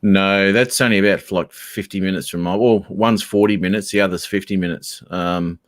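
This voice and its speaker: An Australian man with a lowish voice rambles through a casual video call, laughing often and throwing in plenty of slang. The sound is dry and close, with no room around it. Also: fairly even intonation, moderate pace, no room sound. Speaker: guest on a live chat stream. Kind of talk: casual chat.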